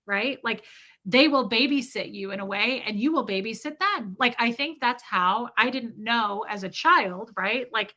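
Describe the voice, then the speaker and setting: Bright, chatty woman telling stories. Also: fairly high pitch, a little slow. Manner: animated, chatty, laughs often, acts out voices. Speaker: host. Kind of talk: casual storytelling monologue.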